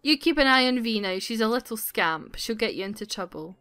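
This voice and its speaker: A woman voicing a kind, calm older teenage brother in a game, pitching her voice lower and softer. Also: a little fast, clear, resonant tone, faint music behind.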